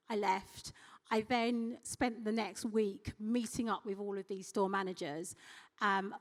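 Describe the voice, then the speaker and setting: Animated woman telling a story. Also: mid-range voice. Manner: animated, acts out quoted dialogue. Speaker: conference panel speaker, company executive. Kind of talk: storytelling on a conference panel.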